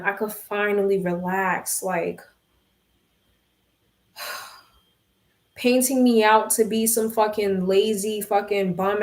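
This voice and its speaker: A woman's voice: mid-range voice, fairly bright tone, roomy sound. Profane young woman venting to camera. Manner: frank, profane, addresses viewers as y'all. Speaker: vlogger and tarot reader. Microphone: phone camera.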